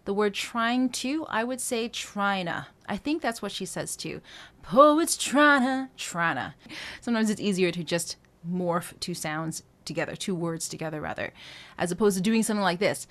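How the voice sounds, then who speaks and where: A woman's voice: on the low side, normal speed. Woman vocal coach singing demo phrases. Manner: explains then sings short phrases to demonstrate; casual, thinks aloud with fillers. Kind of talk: singing lesson with sung demonstrations.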